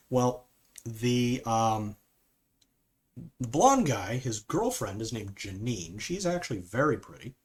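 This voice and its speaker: Brief: male film reviewer, casual and rambling, mid-pitched voice, full of fillers. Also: sing-song, a little slow, husky. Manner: rambling, with frequent fillers and "okay?" asides.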